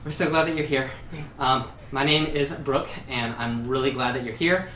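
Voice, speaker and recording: A man voicing a bubbly young woman who gushes with excitement. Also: medium pitch, moderate pace, echoey room, recorded from a distance, slight background noise, close to an everyday voice, poor audio. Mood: gushing. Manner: giggly, effusive.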